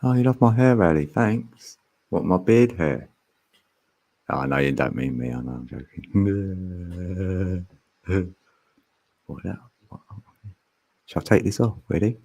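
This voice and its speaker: A man hosts a loose, joking livestream, rambling between laughs and the odd sung line. His voice sits very low and moves unhurriedly. It carries a husky edge. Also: animated, slow pace, pauses often, mellow. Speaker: livestream host. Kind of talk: casual live stream chat.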